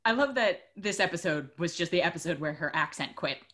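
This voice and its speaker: Bright, lively, fast-talking woman. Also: fairly low pitch. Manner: expressive, acts out reactions, laughs. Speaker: podcast co-host. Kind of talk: casual chat reviewing TV.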